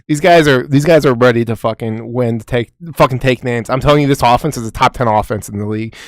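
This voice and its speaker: A man's voice: mid-range voice, quick pace, no room sound, studio quality. Hyped, cussing sports podcast guy. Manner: profane, laughing, hyped. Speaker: podcast co-host. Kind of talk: casual sports chat.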